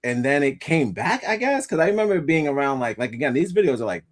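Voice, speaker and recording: A man co-hosting a casual podcast chat, animated and opinionated, laughing often and slipping into mocking voices. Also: a little high, quick pace. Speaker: podcast co-host.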